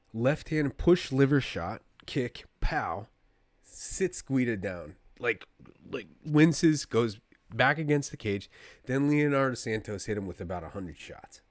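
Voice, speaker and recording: The recording is clean studio sound with no room sound, capturing a man of medium pitch. He excitedly rambles through live play-by-play of a fight, talking to his chat between calls like a fan.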